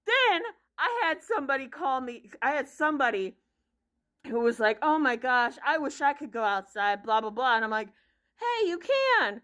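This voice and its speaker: A woman's voice: high-pitched, lively intonation, moderate pace, pushed and bright. A woman in her thirties telling a story as a casual vlog rant, blunt and profane, sounding exasperated. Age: 30s. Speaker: vlogger.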